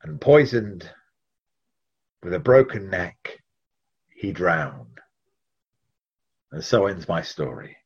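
A man's voice: sits low, sing-song, slow pace, gravelly, pauses often, breathy edge. A man who is an author and storyteller, narrating a folk tale expressively and then answering interview questions. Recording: muffled lo-fi audio.

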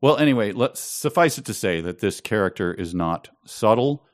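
Wry, sarcastic man with a low voice. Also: lively intonation, normal speed, no room sound, clean studio sound. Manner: wry, sarcastic, laughs often. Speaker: podcast co-host. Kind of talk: casual book discussion.

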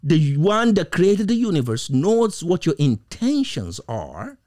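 This sermon comes from a man whose fairly high, dark-toned voice swoops wildly in pitch at an unhurried pace. He stretches key words, repeats rhetorical questions emphatically and occasionally laughs.

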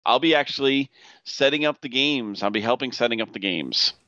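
A man's voice: mid-range voice, brisk, sharp tone, no room sound, muffled recording. A man co-hosting a podcast in casual, profane, laughing banter. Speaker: podcast co-host. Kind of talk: casual chat.

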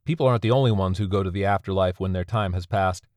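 A man's voice: sits low, fast talker, darkish tone, dry recording, natural voice. A man voicing a sardonic woman who captains an underworld ferry, speaking in a dry, weary, matter-of-fact way.

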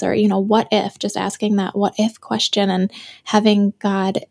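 A woman's voice: medium pitch, flat delivery, moderate pace, vocal fry, darkish tone. A woman hosting a podcast, reflecting in a heartfelt way and moved close to tears. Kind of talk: casual podcast chat.

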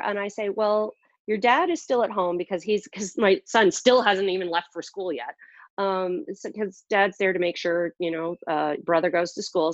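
A woman's voice: lowish voice, no room sound. Rambling, self-deprecating woman, muffled and dry. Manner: rambling, self-deprecating, many fillers and restarts. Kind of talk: casual conversational storytelling.

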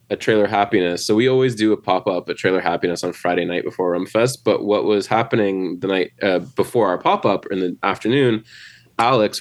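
A man, the guest bar owner, chatting casually on a podcast and retelling stories with lots of fillers. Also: fairly low pitch.

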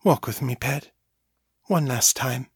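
A man voicing a loving mother who speaks in a soft, lilting, soothing way, a little higher than his own voice. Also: slow pace, breathy edge, no echo, clean studio sound, full character voice. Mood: tender. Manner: tender, soothing. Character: gentle loving mother, warm and comforting.

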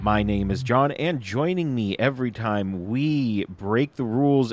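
A young man hosting a podcast in casual chat, relaxed and hesitant with fillers. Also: lowish voice, a little slow, hardly any pauses. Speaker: podcast host.

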